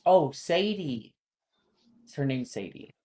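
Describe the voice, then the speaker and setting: A woman's voice: low-pitched, sing-song, slow pace, dark tone. A woman running a tabletop role-playing game as game master, casual and teasing with her players. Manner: casual, teasing, laughs between lines.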